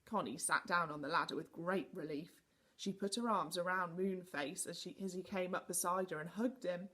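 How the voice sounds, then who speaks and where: A woman teacher reading a children's storybook aloud with animated, expressive delivery. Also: on the low side, moderate pace, breathy edge.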